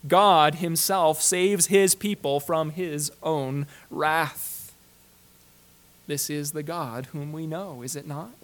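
A man delivering a sermon as a preacher, measured and emphatic, slowing down and dropping softly on key words. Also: a little high, steady tone.

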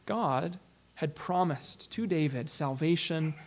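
The sermon comes from a male pastor speaking with earnest force. He swings between booming stresses and quiet, deep drops, taking key phrases more slowly.

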